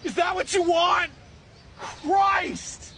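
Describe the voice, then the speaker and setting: A man voicing a furious, foul-mouthed Pikachu creature in a comedy sketch, shouting and swearing. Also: extremely high pitch, fairly even intonation, drawn-out words, very noisy, heavily acted.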